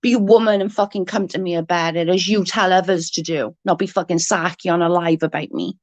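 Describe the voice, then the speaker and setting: A woman's voice: lowish voice, fairly even intonation, fairly quick, no echo. A young adult woman ranting heatedly in casual chat, swearing often and restarting her sentences. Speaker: livestream guest.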